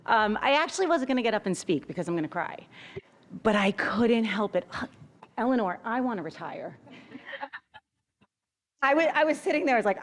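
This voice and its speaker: A woman's voice: fairly high pitch, lively intonation, moderate pace, long pauses. A middle-aged woman teacher giving an unplanned, rambling farewell to a retiring colleague, laughing and fighting back tears. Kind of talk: impromptu farewell speech. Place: school board meeting room.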